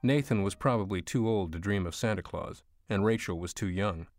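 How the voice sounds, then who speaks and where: A man reading an audiobook aloud in a measured, expressive storytelling voice. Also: fairly low pitch, faint music behind. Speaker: audiobook narrator. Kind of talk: scripted audiobook narration.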